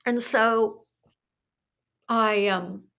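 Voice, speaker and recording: A woman's voice: fairly high pitch, steady tone, extremely slow, gravelly, a bit bright, smooth. An older woman, a podcast guest and artist, telling her story in a thoughtful, emotional way, often restarting her sentences. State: tearing up. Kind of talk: reflective conversational storytelling.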